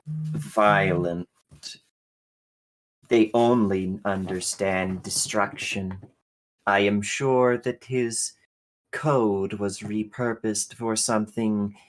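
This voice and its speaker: Man doing a machine queen, ancient, hateful, deep low voice, drawn-out words, seething. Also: poor audio. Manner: slow, contemptuous, seething delivery. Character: ancient female machine ruler, cold and hateful. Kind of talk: tabletop role-play voice acting.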